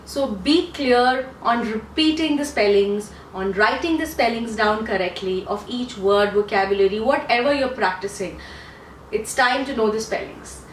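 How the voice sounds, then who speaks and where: A woman's voice: fairly high pitch, normal speed, slight background noise. A woman coaching for an English test in a chatty teaching monologue, repeating points and asking rhetorical questions, English not her first language. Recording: echoey room, mic at a distance.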